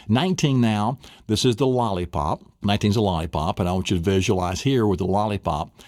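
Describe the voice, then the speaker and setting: A man's voice: fairly low pitch, darkish tone, no room sound, studio quality. A man teaching a recorded memory lesson, enthusiastic and coaching, drilling the listener.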